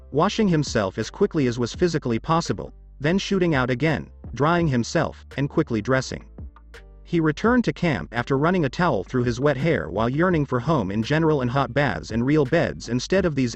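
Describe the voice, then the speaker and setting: A man narrating fan fiction in an expressive storytelling read. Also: mid-range voice, normal speed, faint music behind.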